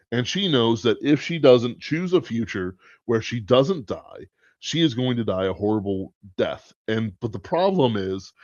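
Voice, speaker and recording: A man's voice: mid-range voice, darkish tone, no echo. A man hosting a podcast, thinking aloud in casual, rambling commentary and swearing now and then. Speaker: podcast host. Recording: dull lo-fi sound, dry.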